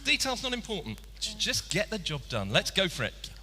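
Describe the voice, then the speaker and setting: A man's voice: high voice, huge pitch swings, brisk, bright, forceful tone, heavily acted. A man playing a brash, impatient office type. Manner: dismissive, gushing about speed. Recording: reverberant hall, faint noise.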